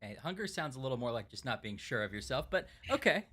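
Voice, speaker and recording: A man's voice: medium pitch, fast talker. A man hosting a stream of a mystery game, chatting playfully and jokingly directing his co-player. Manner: playful, mock-directing, lively. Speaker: stream host. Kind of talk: casual gameplay chat.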